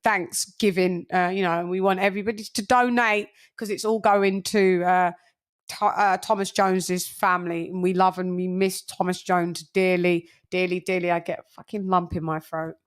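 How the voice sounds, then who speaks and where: A woman hosting a boxing talk stream, chatting casually and giving loud shout-outs, swearing freely. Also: fairly low pitch, fairly even intonation, moderate pace, clean tone. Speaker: boxing channel host. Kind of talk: casual livestream chat.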